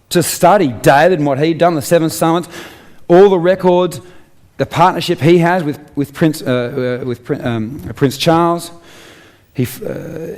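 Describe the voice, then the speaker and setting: A man's voice: a little high, darkish tone. An Australian man giving an emphatic motivational speech on stage, full of rhetorical questions. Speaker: inspirational speaker.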